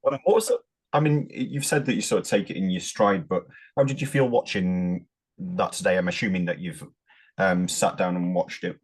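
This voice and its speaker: A man co-hosting a podcast, asking his guest relaxed questions. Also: deep voice, normal speed, breathy edge. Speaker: podcast co-host. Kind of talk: casual interview questions.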